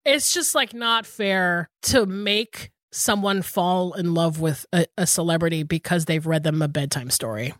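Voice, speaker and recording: A woman's voice: lowish voice, unhurried, few pauses, dry recording, studio quality. A woman in her thirties co-hosting a podcast, telling a story in casual chat with lots of "like" and some swearing. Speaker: podcast co-host.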